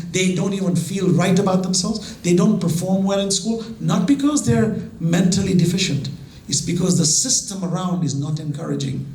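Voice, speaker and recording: A man giving an impassioned sermon as a religious lecturer, reciting Arabic verses between English and dropping to soft, drawn-out emphasis. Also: sits high, slight background noise. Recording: echoey hall.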